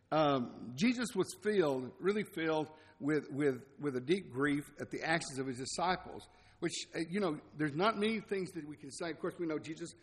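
A man preaches in a loose, conversational way, laughing softly at his own asides. His voice sits a little high for a man. It rings out in a church hall with a long echo. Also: a little hiss or hum. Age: 60s. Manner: folksy, chuckling asides. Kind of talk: conversational sermon.

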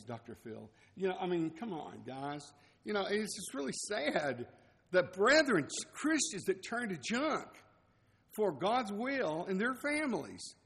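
A man's voice: on the high side, creaky, slight background noise. A man, preaching a conversational sermon with folksy, chuckling asides. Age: 60s. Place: church assembly hall. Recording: long reverb of a hall.

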